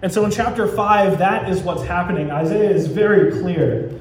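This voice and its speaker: A man's voice: high-pitched, normal speed. A man preaching a sermon as pastor, telling stories and acting out voices of God and the people. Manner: storytelling, acting out dialogue between God and people. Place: church. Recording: echoey church sanctuary with faint ambient noise.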